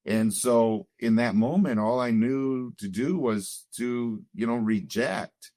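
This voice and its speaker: A man's voice: mid-range voice, takes it slowly, dark tone, dry recording. A middle-aged man earnestly telling a personal story in a conversation, reflective and full of "you know" fillers. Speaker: guest telling his marriage story.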